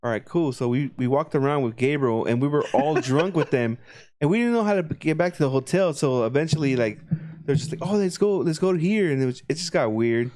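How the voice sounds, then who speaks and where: A man's voice: mid-range voice, fairly quick, a little mellow. A young adult man telling crude, profane stories on a casual podcast, often mimicking his friends' voices. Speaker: podcast co-host. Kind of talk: casual chat.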